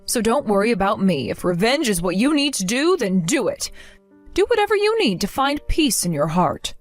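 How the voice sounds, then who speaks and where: A woman playing a gentle, comforting mother. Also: on the high side, very animated, moderate pace, no room sound, soft background music. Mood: reassuring. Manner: gentle, reassuring. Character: warm, steady middle-aged mother, comforting and resilient.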